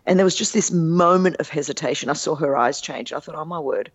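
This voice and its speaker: A woman in her fifties, telling a personal story in an interview. She is earnest and animated, and she acts out the quotes. The sound is dry and a little dull. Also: low voice, fast, husky, dry recording. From Australia. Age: 50s. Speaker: guest author.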